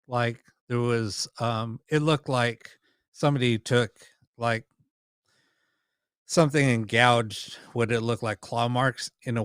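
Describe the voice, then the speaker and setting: A man's voice: medium pitch, a bit bright, clear, resonant tone, no echo, clean studio sound. A man hosting a paranormal live stream, telling stories casually with lots of ums, restarts and the odd curse word. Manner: rambling, many ums and restarts, mild swearing.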